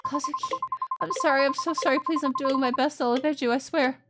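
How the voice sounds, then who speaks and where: A desperate young heroine from a horror game, as a woman voices her, pleading and tearful. Her voice rises slightly as she begs. Music plays clearly behind her. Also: sits high, steady tone, quick pace, voice pushed up, natural voice.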